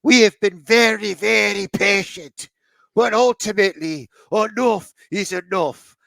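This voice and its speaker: A man's voice: high voice, measured pace, gravelly, fairly bright tone, dry recording, pitched above the performer's own voice, exaggerated voice. A man doing a menacing male wrestling villain in an unplaced put-on accent, declaiming in the middle of a casual podcast chat.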